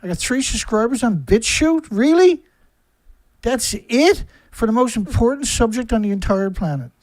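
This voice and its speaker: A man delivering an angry, profane monologue to camera, firing rhetorical questions that build from low and subdued to loud shouting. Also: animated, moderate pace, no room sound, rough recording. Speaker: environmentalist video commentator.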